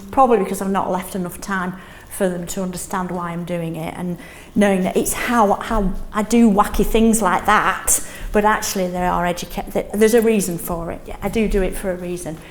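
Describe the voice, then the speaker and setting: A middle-aged woman leading a teaching workshop in a classroom, lively, often checking in with "yes?". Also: lowish voice, brisk, few pauses, roomy sound. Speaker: teaching trainer.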